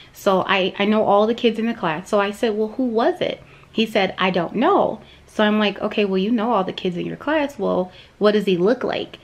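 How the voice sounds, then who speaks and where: A young woman, a stay-at-home mom, telling a story to her viewers in a casual, animated way, recovering from surgery. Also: mid-range voice. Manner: animated, addresses viewers as "you guys".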